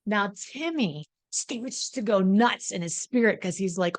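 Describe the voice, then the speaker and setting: A woman host tells a story in a chatty, animated way, often repeating her words. Her voice sits at a middling pitch. The recording is dry and close. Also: measured pace, dry recording. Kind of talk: casual storytelling talk.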